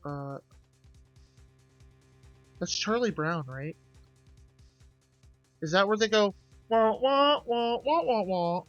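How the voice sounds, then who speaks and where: A young adult streamer in casual let's-play commentary, reading game lines aloud and chatting to viewers with animated, swearing asides. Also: medium pitch, no room sound, highs cut off. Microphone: desk mic with gain adjusted.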